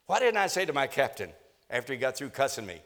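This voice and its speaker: Older man, preacher, folksy sermon storytelling, lots of fillers, mid pitch, long echoing hall. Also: big pitch swings, quick pace, a bit bright, slight background noise. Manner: folksy storytelling, many "uh" fillers, emphatic rises.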